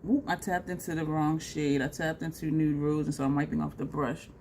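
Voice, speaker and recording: A woman vlogging a makeup tutorial in a chatty, excitable way, talking straight to her viewers. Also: deep voice, fairly quick, a little hiss or hum. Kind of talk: casual makeup tutorial chat.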